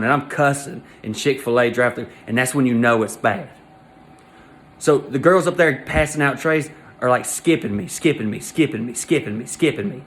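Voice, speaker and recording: A man telling an embarrassing story as a comedy monologue, in an animated, exasperated rant full of crude jokes. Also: mid-range voice, brisk.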